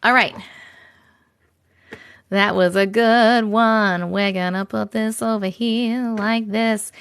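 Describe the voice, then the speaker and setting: A woman's voice: mid-range voice, steady tone, slow, fairly bright tone, clean tone. A woman with a New York accent hosting a casual livestream chat from home on a phone, giggly and playful. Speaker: livestream host.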